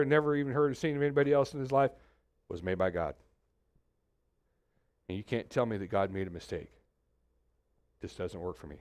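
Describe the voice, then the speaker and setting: A man preaching a conversational sermon as pastor, animated, acting out quoted voices, with many restarts. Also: mid-range voice, no room sound. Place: church suite, indoors.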